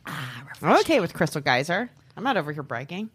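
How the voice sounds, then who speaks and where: A woman's voice: low-pitched, sing-song, brisk, husky. A woman comedian as a podcast guest, tossing out dry, teasing quips in casual chat.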